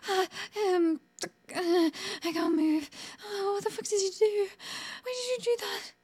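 A woman voicing a sharp-tongued young woman in an adult audio role-play, sarcastic at first, later stammering and pleading. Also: very high-pitched, a little slow. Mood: frightened.

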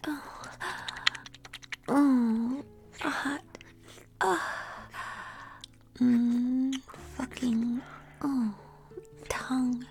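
Slow whispered role-play, young woman. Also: sits high, darkish tone.

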